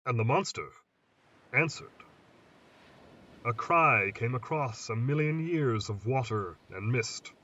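Man narrating a dark tale. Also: medium pitch, expressive. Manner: measured, atmospheric reading. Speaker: storyteller host. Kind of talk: dramatic story narration. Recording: distant muffled mic, faint hiss.

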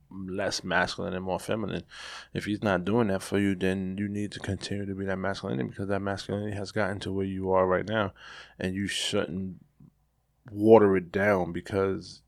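A man co-hosting a podcast, talking in a laid-back, jokey way with drawn-out phrasing. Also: low voice, flat delivery, no room sound. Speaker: podcast co-host. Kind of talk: casual chat.

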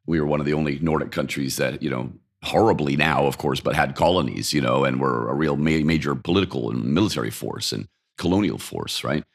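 A man's voice: very deep voice, fairly quick, vocal fry, hardly any pauses. A man in his fifties from Denmark, talking opinionatedly in a casual interview in his apartment, often asking himself rhetorical questions and answering them. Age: 50s. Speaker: interview guest, urban mobility expert. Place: apartment by a busy street.

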